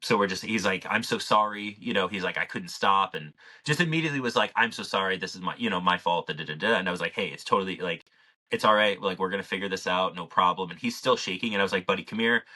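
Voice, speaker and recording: A man with a deep voice and a bright, forceful edge to it. He tells his story on a podcast in loose, rambling casual chat, dropping "like" everywhere and swearing freely. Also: fast talker. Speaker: podcast co-host.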